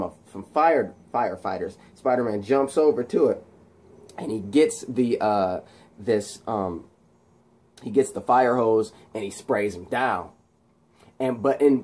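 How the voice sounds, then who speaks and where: A man casually retelling a movie scene, excitedly and with lots of sound effects and fillers. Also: medium pitch. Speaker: channel host.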